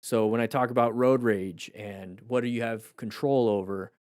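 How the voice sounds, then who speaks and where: Hoarse man musing on a live stream. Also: mid-range voice, steady tone, normal speed, darkish tone, dry recording, clean studio sound. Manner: reflective and rambling, with many restarts and fillers. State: voice going hoarse. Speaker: motorcycle riding coach streaming live. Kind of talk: casual live-stream chat with viewers.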